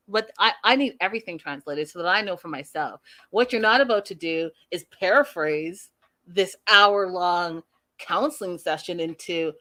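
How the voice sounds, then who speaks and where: A young woman hosting a casual reality TV recap, sassy and animated, acting out the people she talks about. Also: lowish voice, normal speed. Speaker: recap show host.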